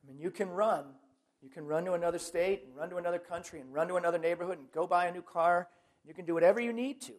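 A middle-aged man, a Catholic priest, preaching in a chatty, animated way with self-mocking humor and personal stories. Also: sits high, fast talker. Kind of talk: lively sermon with personal stories.

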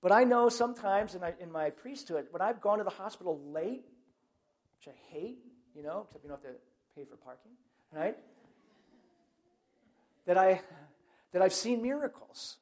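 A middle-aged man, a Catholic priest, preaching in a chatty, animated way with self-mocking humor and personal stories. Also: sits high, moderate pace, long pauses. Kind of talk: lively sermon with personal stories.

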